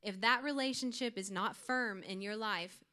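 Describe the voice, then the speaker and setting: A woman's voice: medium pitch, moderate pace, sharp tone. A young woman giving an earnest, informal youth sermon to her church group, with light laughs. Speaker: youth speaker.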